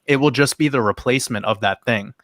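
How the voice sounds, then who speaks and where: A man talking as a guest on a casual crypto livestream, measured and reflective, with a slightly preachy tone. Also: mid-range voice, a bit bright, no room sound, clean studio sound.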